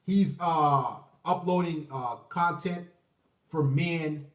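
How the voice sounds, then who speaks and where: A man in his thirties hosting a livestream, ranting with profanity, rambling and mocking voices, giving shout-outs to viewers. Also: a little high, slow pace, recorded from a distance. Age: 30s. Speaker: livestream host. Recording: roomy echo, away from the mic.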